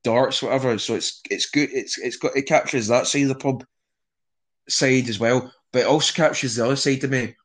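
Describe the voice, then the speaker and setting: A man's voice: mid-range voice, fairly even intonation, brisk. A young Scottish man chatting casually in an interview, rambling with frequent restarts and swearing. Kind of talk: casual conversation.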